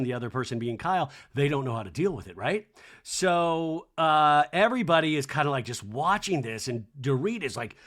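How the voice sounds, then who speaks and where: A man hosting a podcast, recapping reality TV in a chatty, animated, profane way. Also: medium pitch. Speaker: podcast host.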